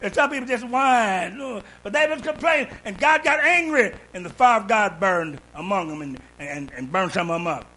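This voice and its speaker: A man preaching a sermon in a church, calling out to the congregation and building up to shouts. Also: high-pitched, animated, normal speed, hardly any pauses, rough recording. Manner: call-and-response preaching, rising to shouts.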